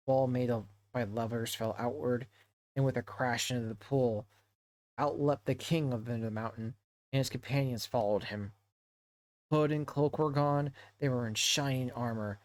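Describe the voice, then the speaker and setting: A man streaming to a book club, reading a novel aloud in a halting way and often correcting himself. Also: mid-range voice, a little mellow. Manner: halting read-aloud with frequent self-corrections.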